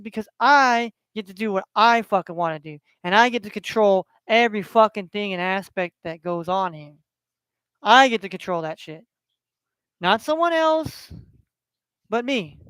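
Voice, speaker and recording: A man's voice: sits high, moderate pace, a bit bright, clear, resonant tone, dry recording. A middle-aged man hosting his own sports livestream, talking bluntly with heavy cursing and lots of repetition, sometimes heated when he gets passionate. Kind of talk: solo livestream rant and score updates.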